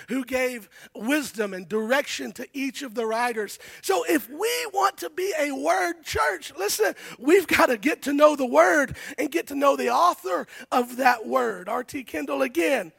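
A man preaching a lively sermon as a guest pastor, often shouting, with stammered restarts. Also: very high voice, unhurried, gravelly, hardly any pauses, no echo. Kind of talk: energetic sermon.

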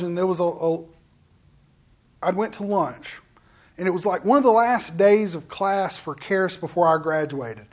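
A man preaching a sermon, telling personal stories with loud, emphatic bursts that drop to hushed tones, often repeating words as he builds a point. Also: fairly high pitch, moderate pace.

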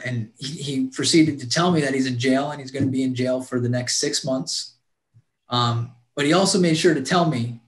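An earnest man recounts his life story with heartfelt sincerity, stumbling and restarting as he goes. His voice sits at an ordinary middle pitch and rings out in a roomy, echoing space. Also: fairly quick. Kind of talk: personal storytelling. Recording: roomy echo.

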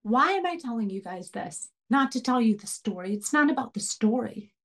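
A woman's voice: on the high side, lively intonation, moderate pace. A middle-aged woman teaching a women's Bible study, earnest and preaching with repeated questions. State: tearful while telling a story.

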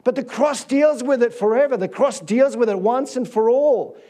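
A man's voice: very high-pitched, moderate pace, warm tone. A middle-aged man, a guest pastor giving a sermon, telling confessional stories with many restarts.

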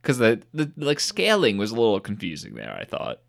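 A man co-hosting a casual podcast chat, recapping a movie with teasing jokes and deadpan asides. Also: on the low side, fairly quick, gravelly. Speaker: podcast co-host.

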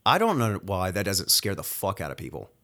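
Male nurse hosting a solo podcast rant: angry, cocky, sweary, talks in rapid bursts. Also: deep voice, wildly swooping pitch, a bit bright. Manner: angry, profane, rapid-fire venting.

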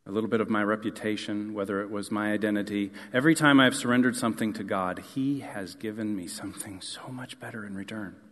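A man preaching a sermon in an earnest way. He rises to emphatic questions and then drops to a soft, quiet close. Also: on the low side, fairly even intonation, quick pace, hardly any pauses, big-room sound. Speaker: pastor.

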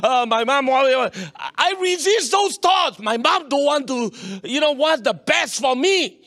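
High-voiced pastor preaching. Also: male voice, measured pace. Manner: animated, acts out quoted voices, swings between loud and quiet. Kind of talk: sermon.

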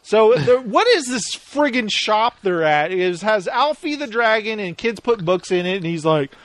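Man, high-pitched, sarcastic, mocking, casual chat, dry close sound. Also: very animated, moderate pace, fairly bright tone, dry recording. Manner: sarcastic, mocking, acts out quoted characters in put-on voices. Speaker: podcast co-host. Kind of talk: casual chat reacting to a reality show clip.

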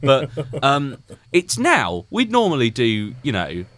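A man's voice: mid-range voice, huge pitch swings, takes it slowly, fairly bright tone, dry recording. A man telling a rambling anecdote as a podcast co-host in casual chat, laughing as he goes.

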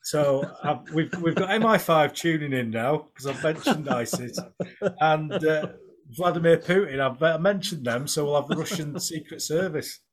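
A man's voice: a little high, moderate pace. A middle-aged man with a Yorkshire accent hosting a podcast in casual, jokey, rambling chat. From Yorkshire, England. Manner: chatty, rambling, jokey, with many restarts. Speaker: podcast host.

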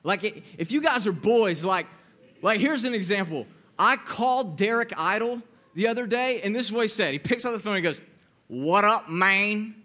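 Playful and jokey, a young man delivers a youth sermon as youth pastor, putting on different voices to drive his point home. He sounds high, fairly bright and expressive, and keeps a brisk pace.

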